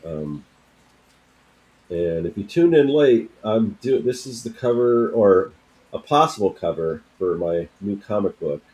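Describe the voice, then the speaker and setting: A man's voice: fairly low pitch, expressive, mellow, husky, low-quality recording. A man, a comic artist, chatting casually and hesitantly while he works. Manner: hesitant, halting, talks while working. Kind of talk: casual chat.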